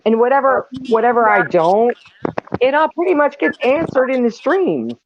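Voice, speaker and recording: A woman's voice: fairly high pitch, sing-song, moderate pace, highs cut off, slight background noise. A woman hosting a stream and chatting in an easygoing way on a video call. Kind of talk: casual chat.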